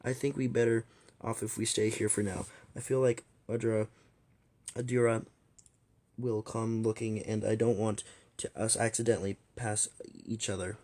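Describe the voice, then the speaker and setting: A man voicing an earnest, kind young tigress woman who speaks gently. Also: on the low side, flat delivery, normal speed, natural voice.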